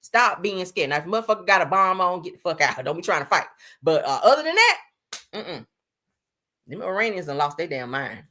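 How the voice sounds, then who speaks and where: A woman's voice: fairly low pitch, very animated, a little fast, bright, forceful tone. A woman from the US giving blunt, profane, sassy live-stream commentary, full of emphatic repeats.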